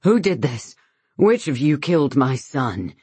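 A woman voicing a grieving father who shouts wild accusations, in an audiobook. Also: sits low, very animated, measured pace, breathy edge, no echo, heavily acted. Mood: anguished. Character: grief-stricken man, father demanding answers.

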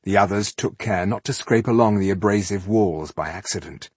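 Husky, low-voiced male narrator. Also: no echo. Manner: measured, even storytelling. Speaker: audiobook narrator. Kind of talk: scripted fantasy narration.

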